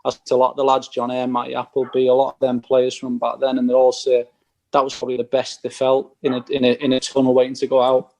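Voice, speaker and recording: A man's voice: medium pitch, monotone, fast talker, vocal fry, darkish tone. A man, a former footballer telling stories as a podcast guest and acting out the exchanges he quotes. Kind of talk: casual anecdote telling.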